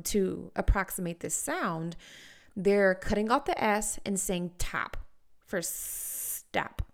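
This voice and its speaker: A woman, a speech-language pathologist, talks parents through how children learn speech sounds. Her delivery is slow and unhurried, with a slightly gravelly edge. She stresses each example sound deliberately as she models it. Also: mid-range voice. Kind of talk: parent education talk.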